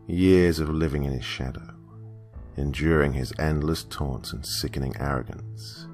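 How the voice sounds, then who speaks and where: A man narrating a dark first-person horror story in a cold, bitter, measured tone. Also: a bass voice, soft background music.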